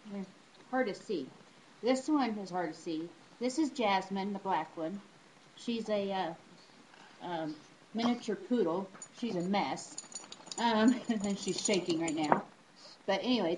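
A woman's voice: darkish tone, a little hiss or hum, poor audio. Chatty woman showing off her dogs. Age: adult. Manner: chatty, pitches up high to call her dogs. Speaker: dog owner vlogger. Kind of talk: casual home video chat. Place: home with pets.

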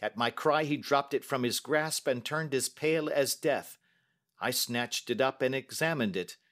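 A man narrating a story aloud for English learners in a measured, deliberate way. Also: medium pitch, fairly bright tone. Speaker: story reader.

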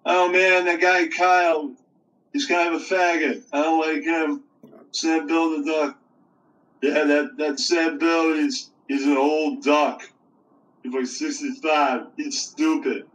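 A man's voice: a little high, flat delivery, a bit bright, recorded from a distance, low-quality recording. A man doing a rude sneering sheep puppet. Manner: rude, sneering, slow drawl.

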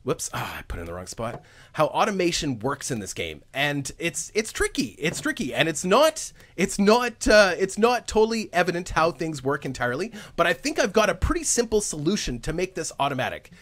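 A man's voice: fairly high pitch, big pitch swings, brisk, a bit bright. A man casually commenting on his own gameplay as a let's play host, chatty and upbeat, thinking aloud and laughing often.

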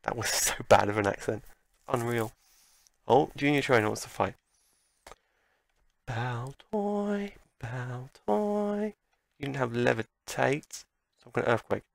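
Gravelly excitable gaming commentator man. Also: mid-range voice, fairly quick, dry recording. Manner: excitable, talks back at the game. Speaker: let's play commentator. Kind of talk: gameplay commentary.

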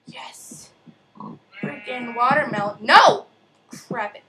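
A young woman's bright, slightly high voice rambles through casual gameplay commentary. She talks at a slow, unhurried pace, yelps and mutters mild curses, and hums sing-song to herself. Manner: excitable, chatty, mild cursing, sing-song humming. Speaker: gamer.

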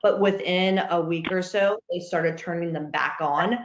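A woman's voice: on the low side, a little slow, slight background noise. A woman on a webinar panel giving earnest healthcare marketing advice, often restarting her sentences. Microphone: video call. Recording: dull roomy video call audio.

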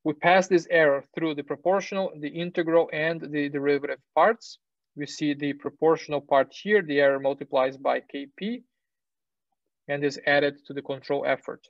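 A male university lecturer explaining technical material, pausing with fillers, correcting himself and checking in with "right?". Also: fairly high pitch, fairly even intonation, gravelly, dry recording. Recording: dull, lo-fi lecture recording.

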